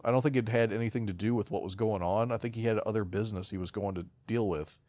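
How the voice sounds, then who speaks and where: A man's voice: fairly low pitch, fast, few pauses, no room sound. A man co-hosting a podcast, agreeing and adding sarcastic, profane comments in casual chat about a movie. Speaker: podcast co-host.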